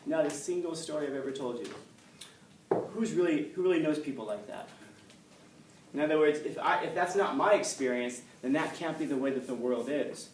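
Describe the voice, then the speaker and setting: A man's voice: fairly high pitch, normal speed. A man teaching a class, blunt and forthright, who keeps throwing rhetorical questions at his students. He is picked up from some distance away in an echoey classroom. A faint hum runs under his voice. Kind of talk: classroom lecture.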